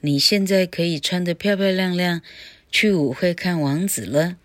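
A woman reading the lines of a kind fairy godmother slowly and clearly in a storybook lesson. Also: lowish voice, no room sound, studio quality, close to an everyday voice. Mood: kindly.

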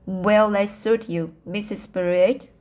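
A stern, brisk middle-aged spinster, read by a woman in an amateur audiobook. She speaks slowly and deliberately, stumbling and restarting now and then, in a voice close to the reader's own. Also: medium pitch, steady tone, darkish tone, lightly acted. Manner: plain reading with slips and restarts.

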